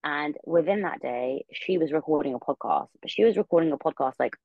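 A woman's voice: low voice, lively intonation, a little fast, vocal fry, no room sound, phone-quality sound. A young woman, a podcast guest in her room, telling a story casually and rambling with many filler words.

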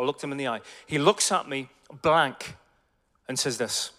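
High-voiced preacher in forties. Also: male voice, a little fast, in a large hall. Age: 40s. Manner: animated, swings from hushed asides to loud exclamations. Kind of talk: storytelling sermon.

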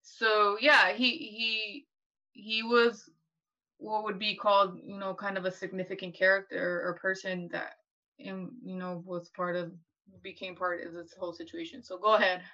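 A woman's voice: medium pitch, little pitch movement, normal speed, bright, forceful tone, highs cut off. A woman co-hosting a casual history discussion, rambling along with lots of "like" and restarts. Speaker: podcast co-host.

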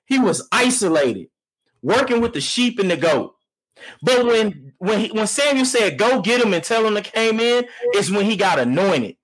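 A man's voice: high voice, very animated, moderate pace, a bit bright, slightly rough, poor audio. A man co-hosting a faith podcast, chatting enthusiastically and calling his partner "bro.". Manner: enthusiastic, says "bro" a lot, affirming. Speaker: podcast co-host. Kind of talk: casual faith podcast chat.

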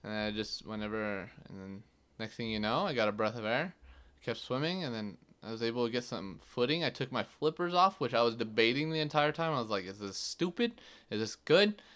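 A man's voice: medium pitch, expressive, fairly quick, a bit bright. A young man hosting his own podcast, telling a story in a loose, casual way, full of fillers and swearing. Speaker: podcast host.

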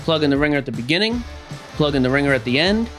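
Fast, lively teasing male co-host. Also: fairly high pitch, soft background music. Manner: teasing, wisecracking. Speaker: podcast co-host. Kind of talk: casual chat.

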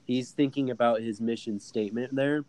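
A man's voice: mid-range voice, moderate pace, low-quality recording. Chatty man telling a story. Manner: animated storyteller, many fillers. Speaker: podcast co-host. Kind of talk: casual chat.

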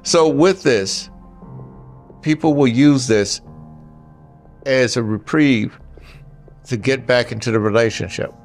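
A man's voice: medium pitch, takes it slowly, long pauses, faint music behind. An older man giving blunt relationship advice in a casual monologue, talking straight to the men listening and telling stories along the way. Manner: blunt, storytelling, talks straight to the guys.

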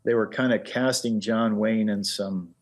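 A middle-aged man, a guest who works as an engraver, talks unhurriedly in a lowish voice. In casual chat, he tells long stories loosely, relaxed and full of fillers.

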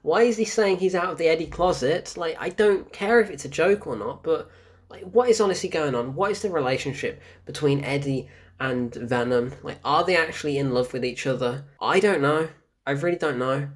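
A man's voice: a little high, normal speed, husky. A man giving a casual spoken film review, ranting in exasperation, swearing often and laughing in disbelief.

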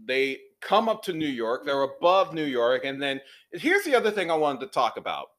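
A man co-hosting a casual movie review podcast who retells scenes with lively acted-out quotes. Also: a little high, normal speed. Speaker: podcast co-host.

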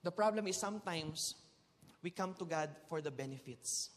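High-voiced Filipino preacher in a hall. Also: male voice, moderate pace. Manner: emphatic, switches between English and Tagalog, jokes with the congregation. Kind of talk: sermon. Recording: long hall reverb.

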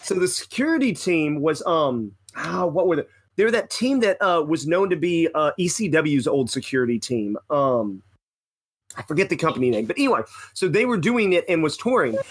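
A man's voice: a little high, big pitch swings, moderate pace, breathy edge. A young man co-hosting a casual podcast, telling rambling anecdotes with lots of self-corrections. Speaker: podcast co-host. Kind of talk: casual storytelling.

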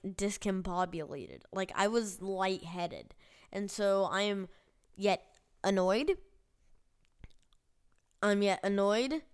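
A woman telling a personal story on her vlog in a rambling, halting way, with casual swearing. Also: medium pitch, clean tone. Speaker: vlogger.

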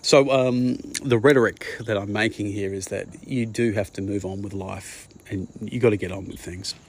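A man's voice: fairly low pitch, steady tone, normal speed, husky. A man with an Australian accent, talking casually in a rambling monologue and often saying "mate". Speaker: podcast host.

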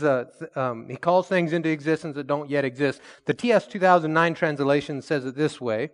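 Preaching man with a bright tone. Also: on the high side. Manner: storytelling preacher, slows for emphasis and rises when excited. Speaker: pastor. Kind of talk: sermon.

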